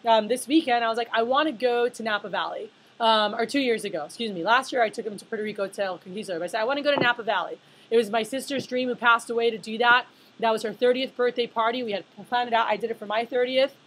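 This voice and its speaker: A woman's voice: fairly high pitch, fast, a bit bright, slight background noise, poor audio. A woman in her thirties giving a conference leadership talk, chatty and full of fillers, asking the audience questions. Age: 30s. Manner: chatty, filler-heavy, asks the room questions. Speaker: leadership speaker.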